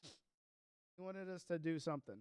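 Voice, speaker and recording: A man streaming a game, chatting casually, excitable and rambling, often cutting himself off. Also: fairly high pitch, unhurried, clear, resonant tone, dry recording, clean studio sound. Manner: excitable, rambling, self-interrupting. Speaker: gaming streamer. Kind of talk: casual livestream chat while playing.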